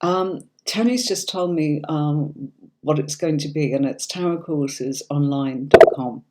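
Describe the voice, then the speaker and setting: A middle-aged woman with a neutral standard British accent hosts a live tarot reading. Her voice sits low and mellow. She chats warmly and reassures, checking in with "okay?" as she goes. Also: measured pace. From Yorkshire, England. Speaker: tarot reader and livestream host.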